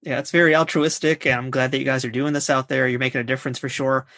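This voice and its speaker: Very fast-talking male host. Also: medium pitch, little pitch movement, a bit bright, dry recording, clean studio sound. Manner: friendly, fast-talking with fillers. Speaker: podcast host. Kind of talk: casual interview chat.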